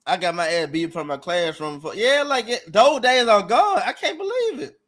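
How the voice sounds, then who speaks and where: A man's voice: sits high, fairly quick. A young man, telling stories in casual chat with lots of exclamations. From USA. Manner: animated storyteller, exclaims and laughs often. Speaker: guest.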